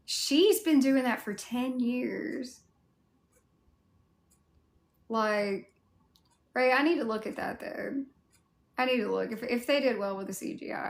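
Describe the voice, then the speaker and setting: Slow, gravelly Southern woman streamer. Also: on the high side. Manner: chatty and candid, with mild swearing. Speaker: cosplay livestreamer. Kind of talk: casual livestream chat, answering viewer comments.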